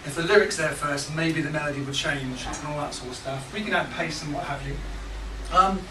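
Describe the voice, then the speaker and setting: This songwriting workshop leader addresses a small group in a big hall, hesitating often, restarting sentences and saying "um" while staying relaxed. The mic catches his high-pitched voice from far off, so the sound is echoey and noisy throughout.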